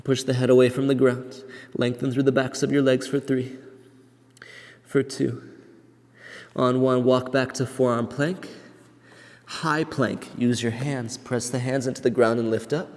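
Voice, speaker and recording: A man's voice: medium pitch, a little slow, long pauses. A man guiding a yoga class as he does the poses himself, counting holds and out of breath as he moves. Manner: calm counting cues, moving along with the class. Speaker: yoga teacher. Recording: long hall reverb.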